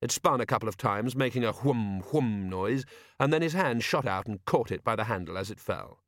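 A man narrating an audiobook in a steady, wry storytelling manner. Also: lowish voice, normal speed, dry recording, studio quality. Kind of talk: scripted narration.

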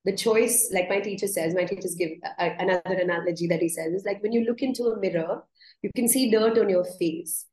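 A woman's voice: medium pitch, a little fast, a little mellow. Earnest woman yoga teacher, echoey room. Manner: earnest, repeats words as she restarts, laughs while telling stories. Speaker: yoga teacher, podcast guest. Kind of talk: reflective interview storytelling.

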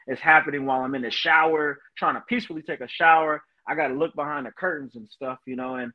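A man's voice: fairly high pitch, steady tone, quick pace, dull audio. A man, a veteran, telling his personal story in an earnest, emotional way as a podcast guest, often saying "you know". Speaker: guest, Marine veteran and motivational speaker.

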